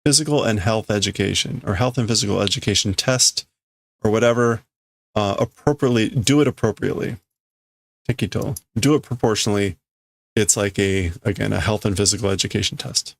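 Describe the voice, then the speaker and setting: A man hosting a casual livestream, reading Japanese manga lines aloud and translating them haltingly as he thinks out loud. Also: lowish voice, creaky, dry recording.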